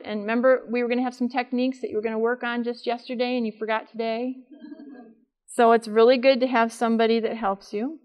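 A woman's voice: on the high side, level tone, fast, clean tone. An older woman giving a live talk to an audience in a room, chatty and asking them questions. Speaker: speaker at a workshop.

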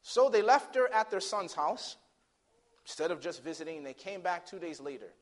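A man preaching a sermon, dramatic, swinging from loud declaiming to hushed near-whisper, telling stories with acted voices. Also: high voice, expressive, normal speed.

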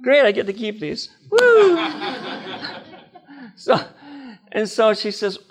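A man's voice: sits high, fairly even intonation, normal speed. An older man preaching a personal testimony, telling stories with laughter and acting out the dialogue.

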